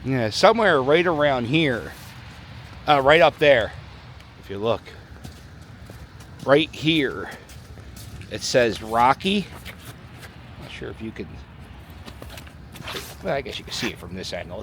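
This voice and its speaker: A man's voice: medium pitch, fairly bright tone, slight background noise. A middle-aged man, vlogging outdoors on a snowy city plaza, talking chattily in a joking, rambling way into a handheld camera as he walks. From Philadelphia. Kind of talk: casual walking vlog commentary.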